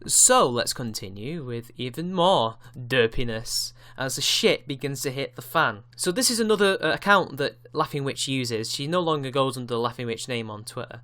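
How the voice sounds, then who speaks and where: Sex: man. Style: ranting commentary vlog. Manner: indignant, sarcastic, swearing. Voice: bright, forceful. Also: mid-range voice, animated, moderate pace, hardly any pauses. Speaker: YouTube commentator.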